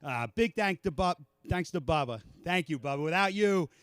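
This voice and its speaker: A man racer giving a halting, grateful thank-you speech on the podium. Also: on the high side, animated, a bit bright, clean tone, no echo.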